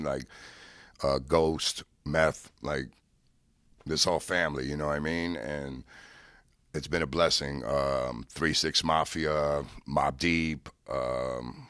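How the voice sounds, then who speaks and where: A man in a casual interview, telling anecdotes in a lively way, swearing freely and acting out the voices of people he quotes. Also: very deep voice, no echo, clean studio sound. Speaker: interview guest, car rental businessman.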